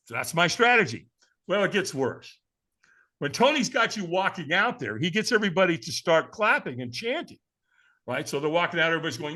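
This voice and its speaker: Lively, bright-voiced man in his sixties. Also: a little high, a little fast. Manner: acts out quoted voices, lively and chuckling. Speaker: podcast guest. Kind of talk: animated storytelling.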